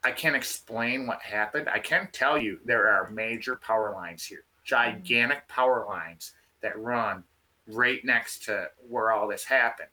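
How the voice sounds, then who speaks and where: A man telling a field story in a casual, animated way, restarting his sentences often. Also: lowish voice, unhurried. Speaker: field researcher guest.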